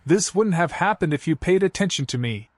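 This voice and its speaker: A man voicing a defensive wife, higher pitched. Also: lively intonation, measured pace, no echo. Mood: resentful. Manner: pleading then blaming. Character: defensive tearful young wife caught cheating.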